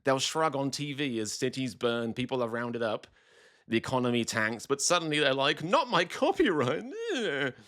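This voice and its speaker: A man's voice: medium pitch, normal speed, fairly bright tone. A British man hosting political commentary, sarcastic and mocking with frequent swearing.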